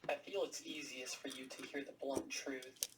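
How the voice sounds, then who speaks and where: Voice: normal speed, natural voice. A reader voicing a curt, ominous haggard old man with a French accent. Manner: curt, low and secretive. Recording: distant mic with steady background noise.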